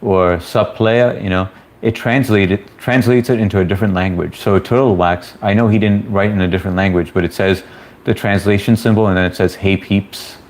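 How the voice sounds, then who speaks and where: Chill guy on a live stream chatting with his viewers, kinda low voice, reads their comments out loud. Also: steady tone, brisk. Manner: reads viewer comments aloud and greets them by name; laid-back, chummy, often laughs. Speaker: livestream host. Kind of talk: casual livestream chat.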